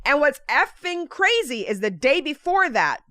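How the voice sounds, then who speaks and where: A woman vlogger tells a story in a loose, animated way, swearing freely and laughing often. Her voice sits high and sounds bright and forward. The recording is dry, with no room sound. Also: measured pace, no room sound. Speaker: lifestyle vlogger. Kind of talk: casual storytelling monologue.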